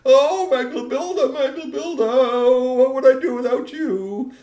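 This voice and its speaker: A man's voice: on the high side, animated, normal speed, pitched above the performer's own voice, lightly acted. A man voicing a stern, doting troll king. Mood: gushing. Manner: swings from stern to gushing. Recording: echoey room.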